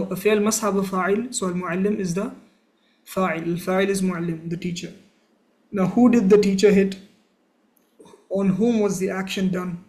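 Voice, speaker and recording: A man's voice: high-pitched, darkish tone. A man gives a grammar lesson. He explains patiently, step by step, posing questions to the class and answering them himself. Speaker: Arabic grammar teacher.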